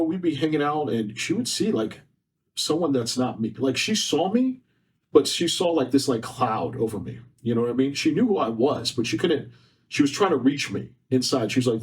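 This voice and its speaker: This man, a podcast guest, tells a personal story in an earnest, emotional, repetitive way. His voice is medium-pitched and slightly rough, and a faulty setup leaves the mic sounding distant.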